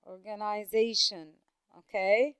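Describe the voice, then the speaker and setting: A woman teaching an English pronunciation lesson, speaking slowly and repeating words with careful stress. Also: mid-range voice, steady tone, clear, resonant tone, dry recording.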